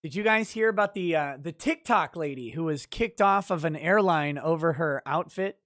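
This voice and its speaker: A man's voice: on the high side, moderate pace, fairly bright tone, no room sound, studio quality. A man hosting a casual livestream, reading chat messages and mocking an article with sardonic, profane commentary. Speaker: livestream host.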